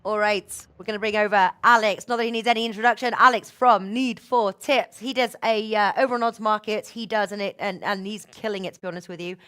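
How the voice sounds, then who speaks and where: A woman hosting a betting show in casual chat, chatty and quick to laugh. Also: mid-range voice, steady tone, sharp tone, smooth. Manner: chatty, laughs often, restarts. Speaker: host.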